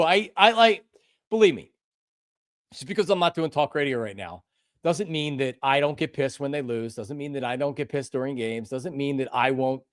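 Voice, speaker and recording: A man's voice: fairly high pitch, no echo. Older man, fired-up sports talk, repeats himself, dry close sound. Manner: passionate, emphatic, repeats himself; bursts into shouting. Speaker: sports show host. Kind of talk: live-streamed sports talk.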